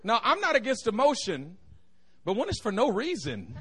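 A man's voice: high-pitched, huge pitch swings, normal speed, fairly bright tone. A young man preaching a humorous sermon in a church, telling stories and joking with the congregation. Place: church sanctuary.

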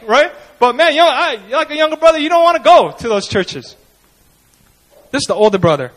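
A young male pastor giving a casual, conversational sermon. His voice sits unusually high for a man and moves a lot in pitch. He slips into quoted voices and asks the crowd "you know what I mean?". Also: sing-song, fast talker, fairly bright tone, poor audio.

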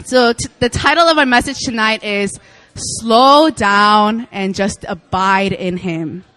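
A young woman preacher giving a casual sermon, chatty and animated, often laughing as she tells stories. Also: on the high side, takes it slowly, pauses often, no echo, some chatter behind. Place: church meeting room.

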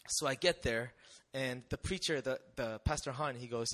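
Bright-voiced man sharing a lively testimony. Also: medium pitch, normal speed, few pauses. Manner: conversational, animated storytelling with frequent rhetorical questions. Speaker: missionary speaker. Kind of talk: testimony talk to an audience.

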